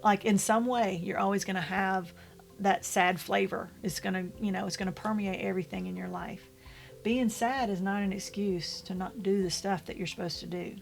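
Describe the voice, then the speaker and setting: A woman's voice: mid-range voice, vocal fry. Blunt motherly woman giving tough love. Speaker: widow vlogger giving advice. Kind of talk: casual motivational talk to camera.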